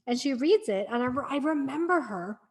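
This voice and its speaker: Sincere and conversational, this middle-aged podcast guest works in breathwork and speaks in a somewhat high register. Her storytelling is brisk, expressive, earnest and encouraging.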